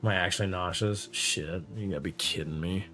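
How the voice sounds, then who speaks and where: A man's voice: sits low, fairly even intonation, fairly quick, bright, forceful tone, faint music behind. A man streaming a survival game, chatting loosely and profanely to himself as he plays. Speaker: gaming streamer and server host. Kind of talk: casual gameplay commentary.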